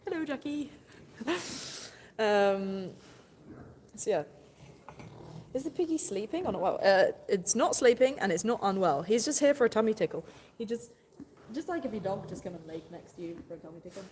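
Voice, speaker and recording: Livestreaming from her farm via a handheld phone camera, a woman coos fondly at her animals, laughs frequently, and chats rambling with viewers. Her medium-pitched voice is expressive and a little mellow, at normal speed with frequent pauses. The audio is big-room, with noisy outdoor farm sound.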